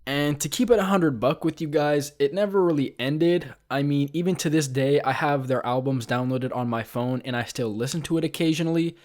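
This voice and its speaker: A man's voice: fairly high pitch, brisk, hardly any pauses, darkish tone. A young man and vlogger telling a comic story about his past in a casual, self-mocking way, with frequent ums and uhs. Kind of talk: comedic storytime narration.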